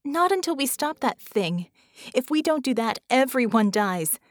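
Reading an audiobook in studio-quality audio with no room sound, a woman voices a stubborn young woman fighter in urgent, clipped, defiant bursts. She pitches the character a little high, above her own voice, speaking expressively at a moderate pace.

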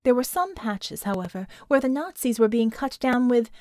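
A woman's voice: on the high side, expressive, normal speed, darkish tone, no room sound, studio quality. Woman narrating an action story. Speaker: audiobook narrator. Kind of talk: scripted narration.

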